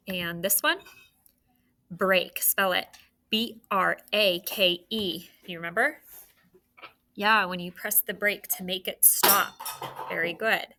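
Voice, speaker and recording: A woman teaching a phonics review, slowly prompting children to spell words along with her. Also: medium pitch, bright, forceful tone. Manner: slow and deliberate, prompting the class to spell along. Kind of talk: slow phonics review lesson.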